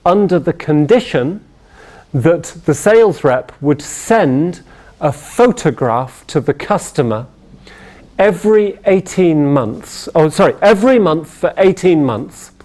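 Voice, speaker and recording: A man giving a sales training talk, telling anecdotes with animation and checking in with his listeners. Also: a little high. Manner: animated storyteller, asks the room questions.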